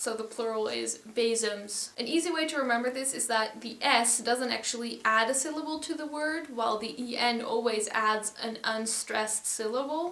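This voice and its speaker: A woman's voice: fairly high pitch, bright, forceful tone. A woman whose first language is Dutch, giving a casual video lesson and explaining rules step by step. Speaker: language teacher. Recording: echoey room.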